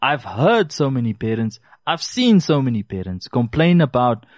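Man, emphatic advice talk, swooping lively pitch, dry close sound. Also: moderate pace, dry recording. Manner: emphatic, repeats key phrases for stress. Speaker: consumer advice presenter. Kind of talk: casual advice talk to listeners.

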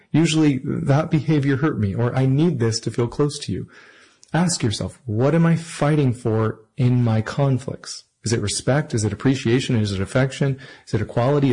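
A man giving an earnest, measured lesson on relationships and acting out example phrases between partners. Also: mid-range voice, a little mellow, breathy edge, low-quality recording. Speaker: relationship teacher. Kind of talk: instructional talk to camera.

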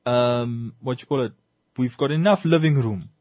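A man co-hosting a casual discussion, talking in an animated, joking way full of rhetorical questions. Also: mid-range voice, moderate pace, no echo.

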